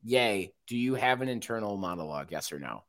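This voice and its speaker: A man co-hosting a podcast in casual chat, dropping wry, deadpan quips. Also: lowish voice, a little fast. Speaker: podcast co-host.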